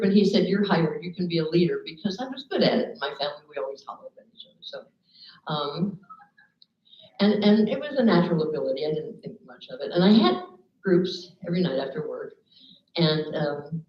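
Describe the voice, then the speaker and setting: An older woman from Los Angeles telling a personal story to a group in a chatty, wry way, with frequent ums. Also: lowish voice. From Los Angeles, USA. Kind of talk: storytelling talk. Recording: roomy and dull-sounding.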